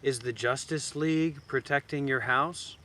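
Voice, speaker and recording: A man's voice: mid-range voice, a little slow. A man teaching meditation outdoors in a blunt, teasing way. His voice sits in a middle register, and a faint hiss of outdoor noise runs underneath. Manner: blunt, teasing, suddenly loud then soft. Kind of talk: dharma talk. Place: outdoors in a graveyard.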